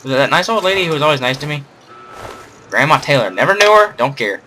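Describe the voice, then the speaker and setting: A man's voice: a little high, big pitch swings, fast, pushed and bright, slight background noise. A young man doing playful, sarcastic game commentary, rambling and joking at the screen. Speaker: gamer doing a let's play.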